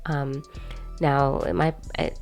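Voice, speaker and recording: A woman's voice: a bass voice, flat delivery, drawn-out words, darkish tone, faint music behind. A young woman hosting her own video, chatting casually to camera and rambling with lots of fillers and asides. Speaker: video host.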